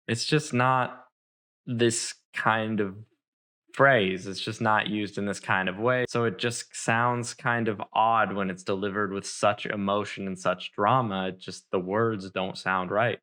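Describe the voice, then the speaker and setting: A man's voice: on the low side, moderate pace, sharp tone, smooth. A man giving a dry, sarcastic lyric analysis, picking apart the song's wording. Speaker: song reviewer.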